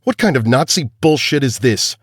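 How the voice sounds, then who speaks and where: A man voicing an angry, hot-headed young man who snaps out loud outbursts. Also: mid-range voice, expressive, moderate pace, breathy edge, no room sound, clean studio sound, voice pushed up.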